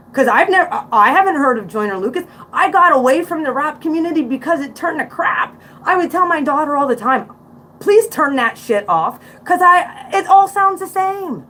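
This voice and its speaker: Her voice is high-pitched and fairly bright, with a little hiss or hum on the recording. She's a livestream host in her forties with a Central Pennsylvania accent, reacting to music in a blunt, outspoken way and slipping in preachy asides.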